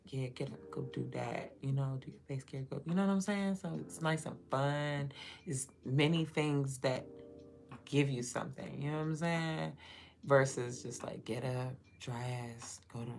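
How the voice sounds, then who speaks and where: Low gravelly woman, blunt and profane. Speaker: livestream host. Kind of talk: casual livestream chat.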